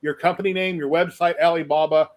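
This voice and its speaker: A man's voice: a little high, fairly even intonation. A man hosting a casual live stream chat, telling rambling stories. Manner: quick, rambling storyteller. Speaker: show host.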